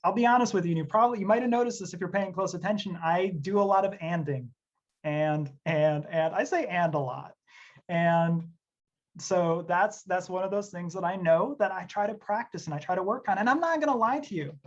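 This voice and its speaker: A man's voice: high voice, brisk. A man from Tennessee who works as an instructional designer, leading an online workshop in an earnest, conversational way with many fillers. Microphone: computer mic on a video session. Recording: dull lo-fi audio.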